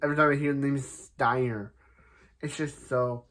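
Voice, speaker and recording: A man's voice: mid-range voice, steady tone, moderate pace, a bit bright. Rambling young man recapping a show. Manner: rambling, restarts often, paraphrases characters with "he's like"; laughs at a character's name. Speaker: episode recapper. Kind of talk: casual plot recap.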